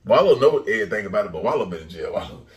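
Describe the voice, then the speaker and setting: A man hosting a commentary channel, ranting and taunting loudly, often jumping into a high mocking pitch. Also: big pitch swings, very fast, far from the mic.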